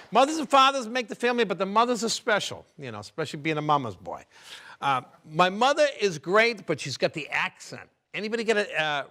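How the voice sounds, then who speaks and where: Animated middle-aged comedian working a crowd. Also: male voice, a little high. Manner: chatty, teasing the crowd. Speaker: stand-up comedian. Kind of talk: stand-up comedy set. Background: audience laughter.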